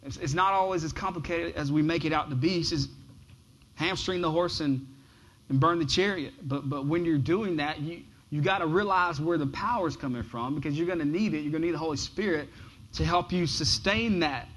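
A pastor preaching a sermon, shifting from loud, emphatic lines to soft, near-whispered ones and often repeating words as he starts a phrase. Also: on the high side, a little fast, poor audio.

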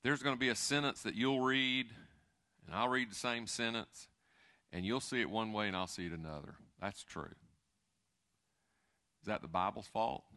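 A middle-aged man preaching a sermon in a conversational, animated way, with asides and restarts. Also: fairly low pitch, moderate pace, long pauses. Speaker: pastor.

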